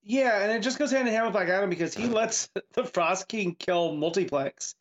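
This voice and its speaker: A man with a high voice chats about comics in an easygoing way, often agreeing with his co-host. His sound is dull and lo-fi, as if from a modest microphone. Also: moderate pace. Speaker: comic book podcast co-host. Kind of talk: casual chat.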